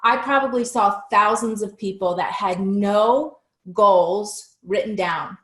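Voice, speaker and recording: A woman telling her story as an interview guest, talking in an animated, conversational way and sometimes restarting her sentences. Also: takes it slowly, reverberant. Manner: animated, acts out past conversations with lively shifts in pitch; fluent with frequent restarts and filler words.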